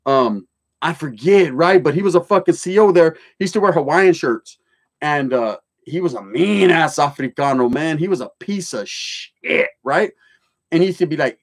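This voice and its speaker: Reading his viewers' chat and spinning old stories, a middle-aged man from California talks loosely on his livestream at a moderate pace with lively intonation. His voice is somewhat higher than most men's, and he leans heavily on street slang and profanity.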